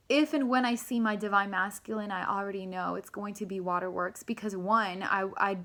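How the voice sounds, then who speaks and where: A young woman reads tarot cards for her viewers in a loose, rambling way, wearing her feelings openly and swearing without a second thought. Her voice is bright and forward, sitting in an ordinary middle pitch. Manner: rambling, emotional, swears freely. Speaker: tarot reader. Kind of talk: casual tarot reading vlog.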